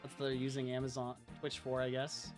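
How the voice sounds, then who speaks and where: Music plays under this man's livestream as he talks a little fast in a medium pitch, rambling casually and telling animated stories full of "like."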